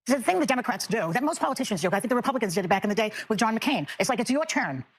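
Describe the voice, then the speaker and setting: A woman's voice: fairly high pitch, lively intonation, racing, breathy edge. A woman panelist on a talk show giving chatty, opinionated remarks.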